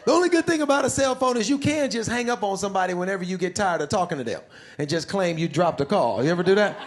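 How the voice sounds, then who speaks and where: A middle-aged male comedian doing a loud, animated stand-up set on a club stage, shouting punchlines. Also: high voice, fast. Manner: loud, animated delivery with frequent laughs and shouts. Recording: live club with crowd and noise.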